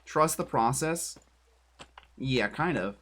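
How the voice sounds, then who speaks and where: A man's voice: medium pitch, lively intonation, slow, fairly bright tone. A man streaming a building game, talking casually to his viewers in a rambling, self-deprecating way. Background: keyboard typing and clicks.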